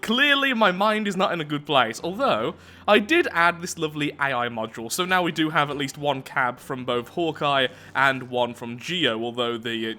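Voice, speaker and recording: A man talks through his game build as a casual let's play host, thinking aloud and poking fun at himself. His voice sits a little high and bright, and his pitch bounces around a lot. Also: slight background noise. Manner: self-mocking, chatty, thinking aloud. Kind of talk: casual gameplay commentary.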